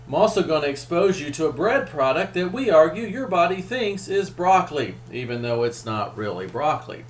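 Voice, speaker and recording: Middle-aged male presenter, upbeat webinar pitch, echoey room, faint hum. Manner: upbeat sales pitch, emphatic. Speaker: weight loss program presenter.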